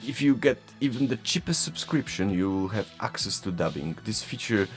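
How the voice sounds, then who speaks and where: This tech vlogger from Poland speaks Polish as his first language and carries a Polish accent, his lowish, expressive voice moving at a normal speed. He keeps the talk casual, frequently laughing at his own expense. Soft background music can be heard.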